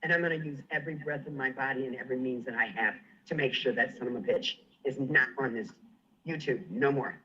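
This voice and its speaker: This man, a livestream guest, is ranting angrily, profane, threatening, and defiant, refusing to back down. His medium-pitched voice moves fairly quickly with a sharp, slightly rough tone, and the audio is muffled.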